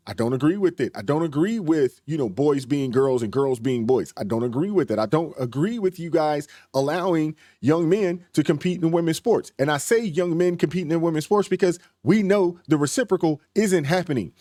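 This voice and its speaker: A man's voice: a little high, fairly quick, few pauses, warm tone, dry recording, studio quality. A man hosting a reaction channel, giving emphatic, preacherly commentary in casual speech. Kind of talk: commentary on a played clip.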